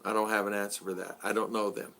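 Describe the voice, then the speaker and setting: A man's voice: fairly low pitch, level tone, fast, bright, forceful tone. A man chatting casually as a vlogger, telling anecdotes, acting out dialogue, and answering viewers' chat. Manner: storytelling, acts out dialogue; reads and answers live chat.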